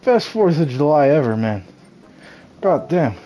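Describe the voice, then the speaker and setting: A young man streaming games, telling a profane story in a casual, animated way and laughing often. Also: on the high side, a little slow, a little hiss or hum, poor audio. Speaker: game streamer.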